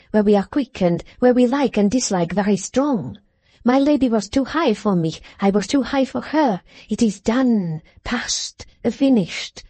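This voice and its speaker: A woman voicing an intense young French lady's maid in an audiobook, speaking in a low, subdued, earnest way with a French accent. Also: mellow, no echo. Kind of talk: audiobook character voice.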